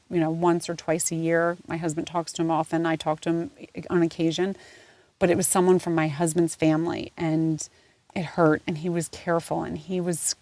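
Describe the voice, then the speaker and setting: A woman in her forties hosts her own podcast, speaking candidly and earnestly while rambling with fillers and free swearing. Her voice is lowish and darkish in tone, and there's no room sound.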